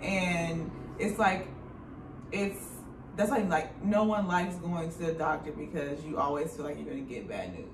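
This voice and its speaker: A woman's voice: sits low, a little slow. Young woman chatting in an echoey room. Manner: conversational, retelling events and acting out the voices of the people in them. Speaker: podcast co-host. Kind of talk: casual personal storytelling. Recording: echoey room, mic at a distance, faint noise.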